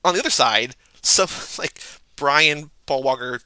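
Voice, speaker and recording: A man's voice: mid-range voice, a little slow, pushed and bright, smooth, dry recording, rough recording. A man co-hosting a podcast, talking casually about a movie with lots of "like" and sarcastic asides. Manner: chatty, heavy use of "like", sarcastic asides. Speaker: podcast co-host. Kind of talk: casual movie-review chat.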